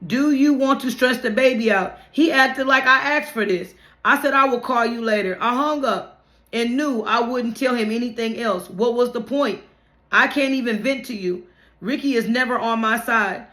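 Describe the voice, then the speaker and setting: Woman reading her own life story out loud, chatty, trips over words now and then, echoey room. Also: fairly high pitch, normal speed. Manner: plain conversational reading with restarts and slips. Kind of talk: memoir narration, read aloud.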